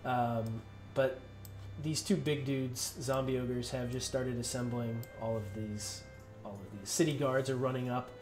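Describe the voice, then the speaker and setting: A man's voice: mid-range voice, steady tone, a little slow, darkish tone, faint music behind. Man running a tabletop game. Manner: loose, filler-heavy narration. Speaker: game master.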